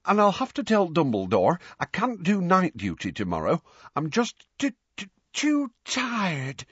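A man's voice: high-pitched, wildly swooping pitch, unhurried, a bit bright, husky, dry recording, pitched above the performer's own voice, exaggerated voice. A man voicing a tired young witch who yawns and stammers drowsily, in a dull lo-fi recording. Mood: sleepy.

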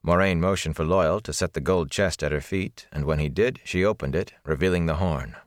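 A man narrating a fantasy audiobook in a steady, even way. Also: deep voice, a little fast, dry recording, clean studio sound.

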